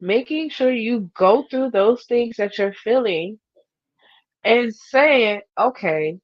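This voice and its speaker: Lively woman podcast host, lo-fi sound. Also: fairly high pitch, slow, no room sound. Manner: animated, acts out her inner voices. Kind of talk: casual faith talk. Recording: dull, lo-fi sound.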